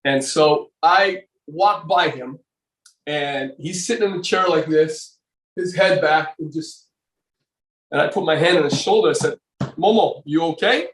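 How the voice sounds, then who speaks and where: An older man, a former bodybuilder appearing as a podcast guest, reminisces about old times in a casual storytelling interview. His slightly slow, a bit bright voice sits a little higher than most men's, and he rambles with many fillers, often circling back and restarting sentences. He is recorded from a distance, set back from the microphone in a roomy, echoing space.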